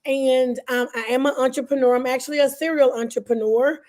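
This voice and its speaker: A woman's voice: high-pitched, fairly even intonation, fairly quick, darkish tone. A woman from the Southern US, a guest speaking over a video call, her voice scratchy and partly worn out. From Southern US (Alabama, Georgia). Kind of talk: interview answers.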